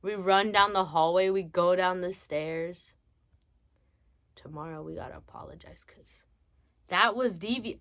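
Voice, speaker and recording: A woman's voice: lowish voice, a bit bright. A teenage girl casually telling a story on her vlog in a chatty, slangy way. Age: teens. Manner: chatty, slangy, drawn-out delivery. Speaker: vlogger.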